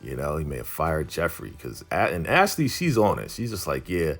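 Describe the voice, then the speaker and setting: Chatty low-voiced man recapping a show. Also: wildly swooping pitch, normal speed, vocal fry, fairly bright tone, breathy edge, faint music behind. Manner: loose and chatty, full of "you know" and "like". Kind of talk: casual episode recap, retelling scenes with quoted lines.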